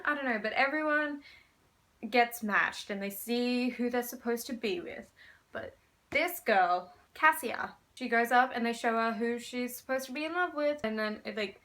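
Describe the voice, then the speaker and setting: Chatty young woman gushing over books. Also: on the high side. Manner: chatty and rambling, gushing with excitement. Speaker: book vlogger. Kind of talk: casual book haul chat. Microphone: phone camera.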